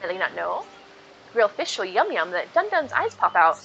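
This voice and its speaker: A woman's voice: medium pitch, big pitch swings, moderate pace, gravelly, pushed and bright, highs cut off, soft background music, heavily acted. A woman reading out a small, cheerful male creature from a game, talking in clipped baby-talk about himself. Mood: eager. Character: small round childlike male Nopon creature, cheerful, broken speech.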